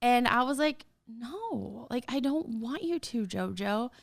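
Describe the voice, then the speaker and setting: A woman in her forties hosting a casual podcast, talking straight to parents in an animated, emphatic way and often laughing. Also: fairly high pitch, slow pace, creaky. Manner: talks straight to listeners as a parent. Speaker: podcast host.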